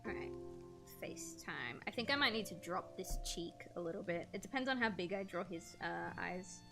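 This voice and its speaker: A woman's voice: on the low side, expressive, moderate pace, gravelly, over music. A young woman streaming while she draws, telling stories in a rambling, slangy way and swearing freely. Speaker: streamer and artist. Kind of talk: casual livestream chat while drawing.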